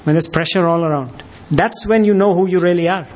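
A man preaches with a high voice for a man. He is emphatic and keeps firing rhetorical questions at his listeners. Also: fairly quick, darkish tone. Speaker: pastor. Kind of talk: sermon.

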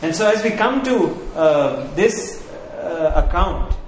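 A man preaching a sermon as pastor, emphatic, repeating key phrases and slowing down on them. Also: fairly high pitch, animated, slight background noise. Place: church sanctuary. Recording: very echoey hall, faint ambience.

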